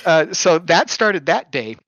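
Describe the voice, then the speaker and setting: A man hosting a podcast, casually telling a story, lively, swearing freely and chuckling as he goes. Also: a little high, measured pace, dry recording, muffled recording.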